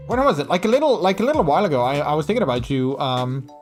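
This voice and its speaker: A man chatting casually on a live stream in an animated, gushing way, full of restarts. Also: on the high side, rapid-fire, soft background music.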